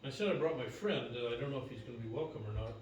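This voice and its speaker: An older man telling a personal story to a gathering, unhurried, with many pauses. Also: mid-range voice, lively intonation, a little hiss or hum. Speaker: speaker at a memorial gathering. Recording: echoey hall, mic from far off.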